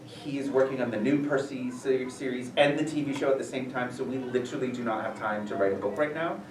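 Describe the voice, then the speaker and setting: A man visiting a school as an author, answering questions in a rambling, animated way full of fillers. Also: medium pitch, a little fast, noisy background. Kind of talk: casual Q&A talk. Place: school room, audience present. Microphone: distant from the recorder. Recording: echoey room, voice heard from far off.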